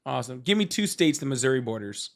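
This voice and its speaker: A man hosting a live call-in show, firing off quick teasing questions at a caller. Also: mid-range voice, very animated, creaky. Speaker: show host.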